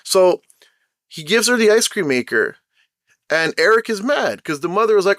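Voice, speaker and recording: A man's voice: high voice, normal speed, pauses often, no room sound, studio quality. Chatty man retelling a show. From Caribbean background. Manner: animated retelling, acts out quotes. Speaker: show host. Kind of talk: casual commentary.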